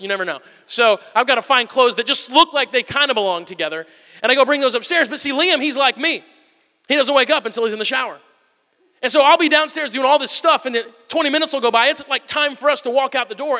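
A man in his thirties, a pastor, preaches with a very high, bright, forceful voice. He tells stories at a quick clip, acting them out as he goes. His voice rings with the long reverb of a large hall. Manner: animated storytelling, acts out whisper-yelling. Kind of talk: sermon.

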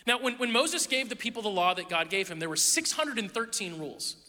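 A man in his thirties, a pastor preaching a sermon, telling animated, self-deprecating stories with a laugh. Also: sits high, brisk. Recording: long reverb of a large hall.

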